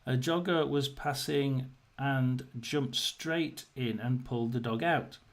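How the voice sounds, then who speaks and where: A man hosting a casual live chat, rambling and hesitant, often clearing his throat and telling jokes to his viewers. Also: medium pitch, slow pace. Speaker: host of a live tarot chat stream.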